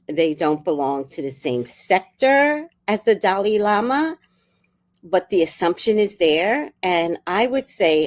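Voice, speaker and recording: A woman's voice: fairly low pitch, darkish tone. A woman from New York City hosting a casual livestream chat, ranting sarcastically and breaking into laughter. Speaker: livestream host.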